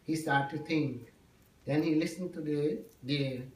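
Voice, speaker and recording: A man with a slightly high voice tells a devotional story to a live audience, often checking in with them by asking 'yes?' and 'no?'. He is heard from some distance in a large hall that echoes noticeably. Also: a little slow, a little mellow, a little hiss or hum. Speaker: religious storyteller. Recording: echoey hall, mic far off.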